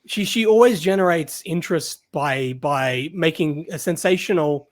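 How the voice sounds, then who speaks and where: Guest, Australian man, fairly high voice, hesitant and loose. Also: normal speed. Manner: hesitant, many ums and restarts. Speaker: guest content creator. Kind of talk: casual interview.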